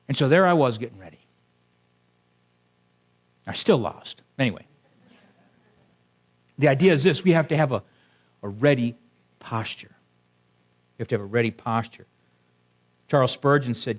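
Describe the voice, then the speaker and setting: A man's voice: medium pitch, lively intonation, brisk, pauses often. A male pastor preaching a sermon to his congregation. He keeps it conversational and often stops to ask the people in front of him questions. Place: church sanctuary before a congregation.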